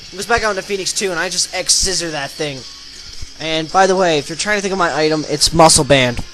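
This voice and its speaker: A young man narrating his online game battles as a channel host, energetic and breaking into loud excited shouts. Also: on the high side, fairly quick, rough recording. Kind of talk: excited battle commentary over gameplay video. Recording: voice-over with faint background music.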